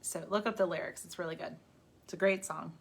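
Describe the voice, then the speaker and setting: A woman's voice: on the low side, fairly even intonation, brisk, husky. Chatty woman giving a rambling pep talk. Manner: chatty and rambling, laughs at herself. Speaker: spiritual healer hosting a live stream. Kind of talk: casual motivational talk. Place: indoors, livestream. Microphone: phone or webcam on a live stream.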